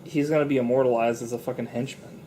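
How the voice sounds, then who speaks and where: A man's voice: medium pitch, fairly even intonation, fast talker, dark tone, slight background noise. A young man co-hosting a casual movie review chat, loose and profane, often laughing.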